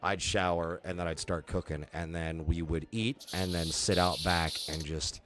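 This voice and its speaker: A man's voice: deep voice, moderate pace, noisy background. A man co-hosting a podcast, chatting casually and playfully about a festival, often laughing. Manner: laughing, animated, playful banter. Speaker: podcast co-host. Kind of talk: casual chat.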